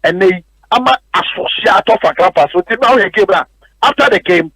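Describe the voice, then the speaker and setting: Brief: Ghanaian male radio sports analyst, high pitch, close dry mic, emphatic and repetitive. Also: lively intonation, a bit bright, breathy edge, no room sound, soft background music, low-quality recording. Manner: rapid code-switching, repetitive emphatic delivery. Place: radio studio.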